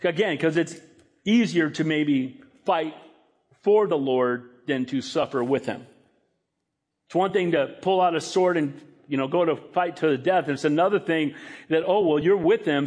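Male preacher, fairly high voice, animated sermon delivery that acts out scripture quotes. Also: breathy edge. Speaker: pastor.

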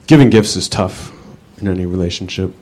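A man doing stand-up one-liners with dry, deadpan punchlines. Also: low voice, fairly quick. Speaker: stand-up comedian.

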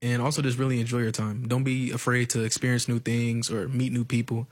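A man's voice: medium pitch, little pitch movement, a little fast, no room sound, studio quality. A man in his late teens, a graduating student, earnestly giving advice in a radio interview.

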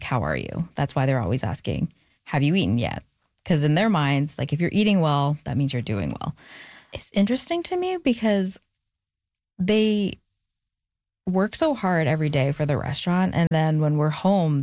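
A young adult woman appears as a guest in a casual interview, her low voice a little mellow and captured in clean, echo-free studio quality. She comes across as reflective and thoughtful, using plenty of fillers and showing moments of emotion.

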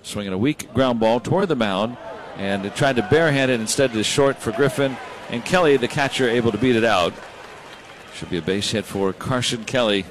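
A man calling baseball play by play, brisk and rising when big plays happen. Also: mid-range voice, slight background noise. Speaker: play-by-play announcer.

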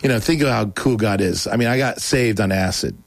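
A man from Oregon telling his life story as an interview guest, rambling and animated, laughing often. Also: on the low side, a little fast, vocal fry, no room sound.

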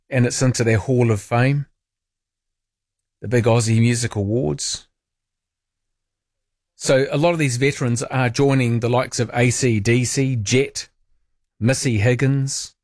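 A man's voice: medium pitch, darkish tone, no room sound, studio quality. A man with a New Zealand accent hosting overnight talk radio, chatty and wry, asking listeners questions. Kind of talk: casual radio chat. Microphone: studio microphone.

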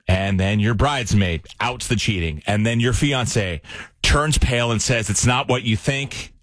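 Low-voiced male radio host. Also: no echo. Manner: brisk recap, playful quips. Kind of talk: morning radio show hosting.

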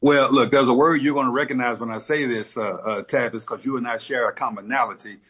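Husky-voiced man talking casually on radio. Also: mid-range voice, fast. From Texas. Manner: relaxed, folksy, many fillers. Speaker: politician, guest. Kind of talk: radio interview.

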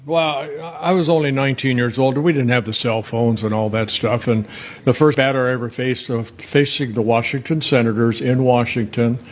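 An older man in his sixties spins long, rambling anecdotes with restarts and the odd chuckle. His voice sits at an ordinary middle pitch. The audio is slightly dull and muffled. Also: steady tone, normal speed. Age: 60s. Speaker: former pitcher and broadcaster guest. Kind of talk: casual storytelling interview.

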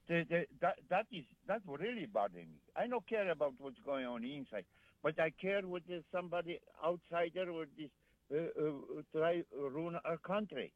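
Mężczyzna, wzburzony rozmówca, stłumiony dźwięk. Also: male voice, a little high, animated, no room sound, phone-quality sound. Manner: halting, many fillers and restarts, heated. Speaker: caller. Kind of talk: call-in radio chat.

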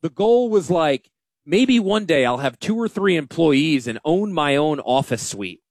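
A man hosting a casual radio talk show as a financial advisor, animated and self-deprecating. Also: on the high side, measured pace, dry recording.

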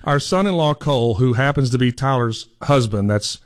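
A man's voice: medium pitch, expressive, normal speed, no echo. A man, co-hosting a podcast, blunt and dryly teasing. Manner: blunt, dry teasing humor. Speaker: podcast co-host. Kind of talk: casual chat.

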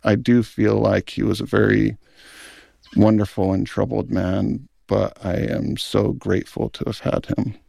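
A man's voice: on the low side, little pitch movement, measured pace, vocal fry, warm tone, no room sound. A middle-aged man, a film director, speaking in an earnest, thoughtful interview. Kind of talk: reflective interview talk.

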